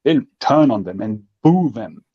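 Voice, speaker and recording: A man's voice: medium pitch, expressive, a little slow, husky, no echo, lo-fi sound. A man co-hosting a football fan show, talking passionately and emphatically in casual chat and acting out what others say. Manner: passionate, emphatic, acts out quotes.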